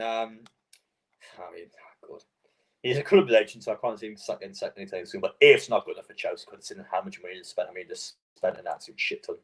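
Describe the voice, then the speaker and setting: A young man with a low, slightly rough voice hosts a live football stream as casual watchalong chat, rambling and cursing in frustration between filler words.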